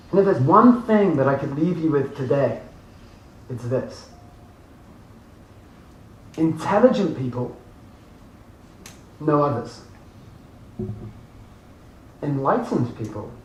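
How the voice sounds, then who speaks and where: A man giving a lively motivational seminar talk to a live audience, often laughing and asking the room questions. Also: high-pitched, muffled recording. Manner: animated, laughing, addresses audience directly. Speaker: motivational speaker. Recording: echoey room from far off, faint noise.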